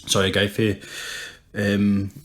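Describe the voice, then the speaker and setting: A man's voice: on the low side, completely flat delivery, takes it slowly. A Scottish man co-hosting a podcast, chatting casually in sweary, laughing, ranting banter. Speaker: podcast co-host. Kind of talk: casual chat.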